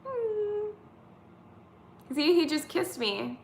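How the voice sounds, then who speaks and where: Bright-voiced woman chatting on a live stream. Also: a little high, a little slow, echoey room. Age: 30s. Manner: chatty, reads viewer comments aloud. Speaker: vlogger hosting a live chat. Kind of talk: casual live-stream chat.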